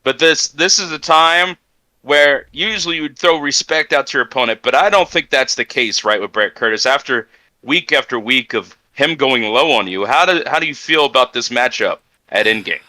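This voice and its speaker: A man of middle pitch with a bright, forceful tone hosts a wrestling press conference. He builds hype in an emphatic announcer style. The sound is close and dry on a home microphone. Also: moderate pace, no room sound, rough recording. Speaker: press conference host and interviewer. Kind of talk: hyped announcer-style interview.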